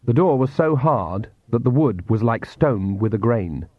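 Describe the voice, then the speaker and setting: A man narrating an audiobook in a measured, dry reading. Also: mid-range voice, lively intonation, no echo. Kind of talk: scripted narration. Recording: tinny phone-like dry recording.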